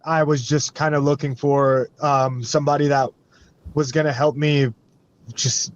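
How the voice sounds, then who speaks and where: A man answering interview questions in a relaxed, halting way with many fillers. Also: a little high, muffled recording. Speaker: guest fighter.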